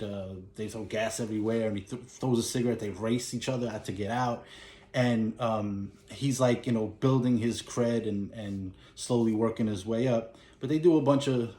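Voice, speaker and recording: Guy rambling thru a movie recap, kinda low mellow voice, roomy echo. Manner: rambling retelling full of "you know" and "he's like". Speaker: movie collector recapping a film.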